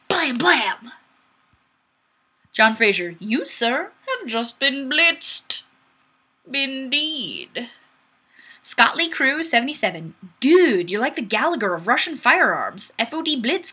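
On the high side, with a sharp, husky tone, this young webcam show host chats from home through her webcam mic. She reads viewer comments out loud playfully and bubbly, laughing a lot.

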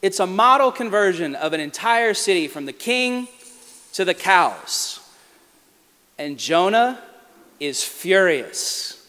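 A man delivering a lively sermon as a guest preacher, with quick asides and acted-out quotes. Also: high-pitched. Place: large church sanctuary. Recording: long church reverb.

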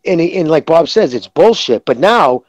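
Guy calling in all fired up, swears a lot, kinda high voice, dry sound. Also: expressive, moderate pace, dry recording, highs cut off. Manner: heated, profane, rambling. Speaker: caller. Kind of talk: casual call-in chat.

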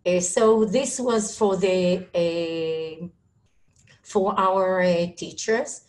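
Slow, halting Israeli woman presenting. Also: lowish voice. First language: Hebrew. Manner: halting, many fillers and restarts, excited. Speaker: school administrator speaking on a panel. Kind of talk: webinar presentation. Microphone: video call.

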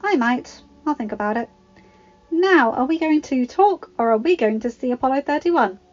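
Woman putting on a bright snappy teen girl, self-assured, dull-ish recording. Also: high voice, animated, moderate pace, faint music behind, pitched above the performer's own voice. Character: spirited, sharp-tongued teenage girl. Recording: slightly dull home recording.

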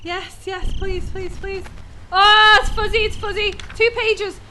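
Jumpy high-voiced woman gamer. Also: steady tone, measured pace, sharp tone, a little hiss or hum. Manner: jumpy, shrieks and swears when startled. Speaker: gaming channel host. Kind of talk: horror game let's play commentary. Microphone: gaming headset.

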